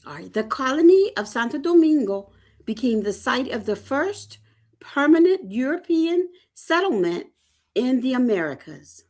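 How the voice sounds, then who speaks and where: A woman's voice: high voice, big pitch swings, unhurried, a little mellow. A woman reading a text aloud carefully during a live online session.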